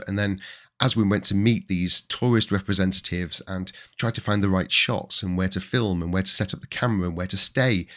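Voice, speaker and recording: A man in his forties with a Yorkshire accent, hosting his own podcast and telling chatty stories from his working life in a casual way. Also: fairly low pitch. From Yorkshire, England. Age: 40s. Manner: chatty and anecdotal, with bursts of excited emphasis. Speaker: podcast host. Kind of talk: casual storytelling monologue.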